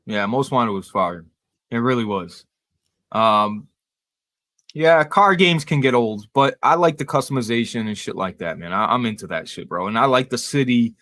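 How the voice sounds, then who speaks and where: A man hosting a casual podcast, excitable and profane, always calling people bro. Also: mid-range voice, normal speed. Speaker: podcast host.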